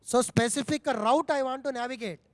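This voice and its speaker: High-voiced Indian English coding tutor. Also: male voice, normal speed, dry recording, in a large hall. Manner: step-by-step, repeats phrases, asks himself questions. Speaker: programming tutor. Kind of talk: screen-recorded coding tutorial.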